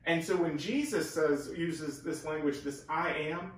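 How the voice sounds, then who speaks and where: A man's voice: fairly high pitch, fairly even intonation, unhurried. Man teaching scripture in an echoey room. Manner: earnest, explanatory, leans hard on key words. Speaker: Bible teacher. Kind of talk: casual Bible teaching. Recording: very echoey room, far from the mic.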